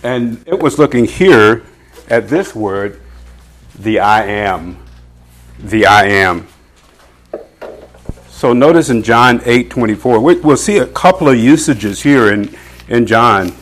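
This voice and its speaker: A man teaching from the Bible at an ordinary middle pitch. He reads the old scripture wording slowly and deliberately. Then he slips into loose, conversational explanation full of asides. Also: animated, a bit bright.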